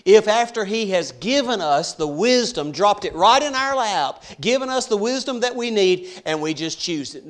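A man preaching a sermon, swinging from hushed to loud and slowing down on key words. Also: high-pitched, expressive. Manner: dramatic swings from soft to loud, slows for emphasis.

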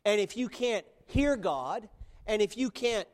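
Male preacher, higher voice, sermon delivery, plain and earnest, emphatic slow stresses. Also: animated.

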